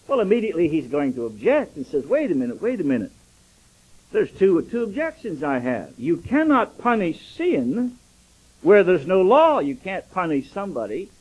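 Animated older male preacher, husky voice. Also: a little high, low-quality recording. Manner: animated storytelling preacher, acting out dialogue. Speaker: pastor. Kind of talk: sermon.

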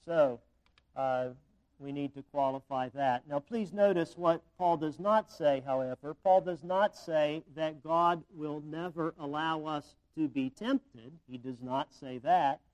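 A man delivering a sermon in a slightly higher-than-usual voice. He builds his points through emphatic repetition. His delivery is earnest and teacherly. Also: unhurried, darkish tone, dull audio. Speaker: preacher.

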